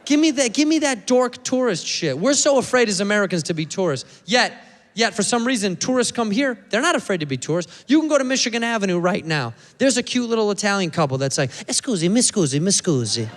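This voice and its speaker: A man performing a profane stand-up comedy set, loud and animated, acting out characters. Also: high voice, fast. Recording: stage recording with hall reverb.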